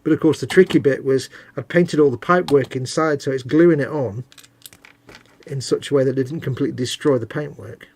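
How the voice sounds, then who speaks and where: A man's voice: mid-range voice, brisk, a little mellow. A British man co-hosting a live model-making stream, chatting casually and teasing his co-host while he works. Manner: chatty, teasing, laughs easily.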